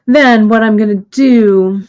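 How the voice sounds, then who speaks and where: A woman's voice: fairly high pitch, takes it slowly, darkish tone. A woman hosting a live craft lesson, explaining each step patiently and checking in often with the viewers. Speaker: host demonstrating bead embroidery.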